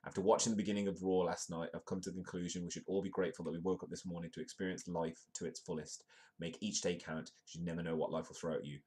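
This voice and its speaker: Deep-voiced man rambling through the news. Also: flat delivery, quick pace, warm tone. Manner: rambling, full of ums and restarts, reads articles aloud. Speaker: host of a live comedic news stream. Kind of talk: casual live-stream news commentary.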